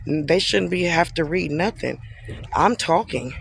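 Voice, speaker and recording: A man's voice: fairly high pitch, expressive, a little slow, gravelly, a bit bright, a little hiss or hum. A man on a live stream, sarcastically repeating himself in an exasperated rant at someone who accused him.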